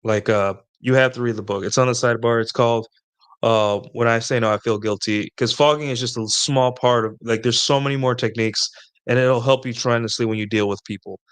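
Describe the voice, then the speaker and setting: A man's voice: mid-range voice, steady tone, fairly quick, clear, resonant tone, dry recording. A man hosting a casual advice talk. He rambles, restarts sentences often, and keeps checking in with "right?" and "like". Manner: rambling, repeats points with "right?" and "like". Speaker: host answering viewer questions.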